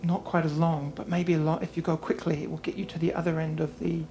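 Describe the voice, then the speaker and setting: A woman voicing a small, cheerful female pixie who talks in a high, soothing voice. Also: flat delivery, fast, mellow, a little hiss or hum, poor audio. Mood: reassuring. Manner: soothing, eager to please.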